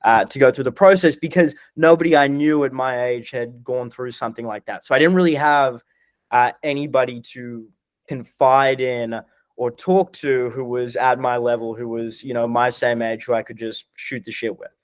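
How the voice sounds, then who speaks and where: A man's voice: medium pitch, fairly even intonation, moderate pace, no echo. A young man in his twenties, speaking hesitantly with many restarts while describing a personal struggle on a podcast. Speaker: guest being coached. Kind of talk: casual podcast conversation.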